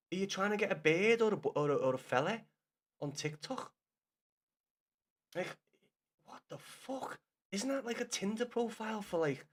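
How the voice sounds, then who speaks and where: A young man chatting casually with his live-stream viewers in blunt, sweary banter. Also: medium pitch. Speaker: livestreamer.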